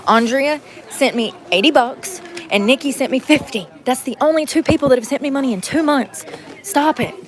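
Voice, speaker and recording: A woman with a high voice vlogs casually from inside a store, speaking fairly quickly with hardly any pauses. She talks bluntly to her viewers, rambles, and mutters to herself while she shops.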